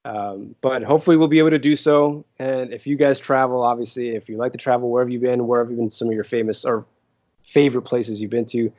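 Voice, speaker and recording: A man's voice: medium pitch, steady tone, fast talker, a little mellow, no echo, lo-fi sound. A man co-hosting a podcast, rambling through a casual chat with many fillers. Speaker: podcast co-host.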